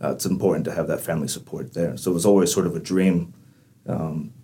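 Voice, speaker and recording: A deep-voiced man in his forties from Texas, USA, talks fast in a dark tone with a Texan accent carrying a slight Irish-like lilt. He's the managing director of a mining company, chatting easily as a guest on a podcast interview.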